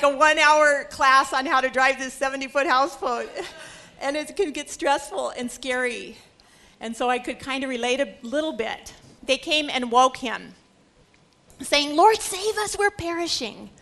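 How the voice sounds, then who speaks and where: A woman's voice: high-pitched, bright, forceful tone. A middle-aged woman teaching a Bible lecture, earnest and emphatic. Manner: earnest, acts out scripture quotes with emphasis. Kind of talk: religious lecture.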